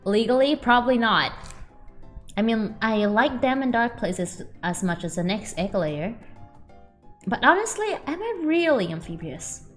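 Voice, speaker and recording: A woman voicing a strange egg-laying male creature who wrangles birds, speaking in a lowered, dry voice. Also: sing-song, unhurried, soft background music. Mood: deadpan. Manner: dry, matter-of-fact.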